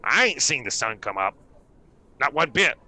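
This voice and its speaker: A man's voice: mid-range voice, big pitch swings, normal speed, pushed and bright, heavily acted. A man voicing a sarcastic male rock gnome lodger with a slangy, brash way of talking. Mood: scoffing.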